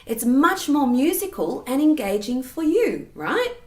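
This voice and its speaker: A woman singing teacher explaining vocal technique patiently and clearly, often checking in with the listener. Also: sits high, sing-song, a little slow, a little mellow. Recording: roomy echo.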